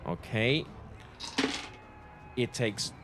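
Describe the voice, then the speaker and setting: A man narrating as game master, relaxed and rambling with fillers. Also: medium pitch, drawn-out words, background noise.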